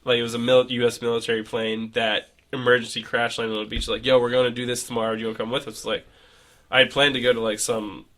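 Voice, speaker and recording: A man's voice: mid-range voice, flat delivery, fast, a bit bright. A young man co-hosting a casual podcast, telling a rambling travel story full of fillers. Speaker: podcast co-host. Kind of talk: casual chat.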